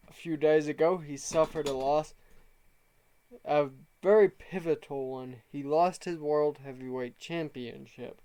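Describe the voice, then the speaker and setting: A man talks through his wrestling simulation game at an unhurried pace, his voice fairly high for a man and smooth. He reads the characters' promo lines with a bit of extra push and scores each segment as he goes. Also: fairly even intonation, dark tone. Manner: reads out promo quotes in a slightly raised voice, rates segments. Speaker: game show narrator. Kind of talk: casual narration of a wrestling sim game.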